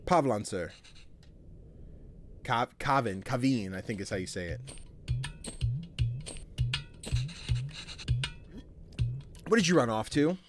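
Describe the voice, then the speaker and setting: A man's voice: medium pitch, very animated, normal speed, background noise, voice pushed down, natural voice. Man voicing a nervous polite young immigrant father. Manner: formal, hesitant, many sirs.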